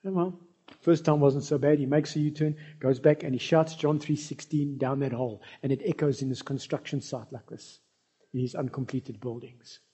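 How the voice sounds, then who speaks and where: Male preacher, warm husky voice with a fairly high pitch, storytelling sermon. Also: fairly even intonation, normal speed. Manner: storytelling, addresses the congregation directly.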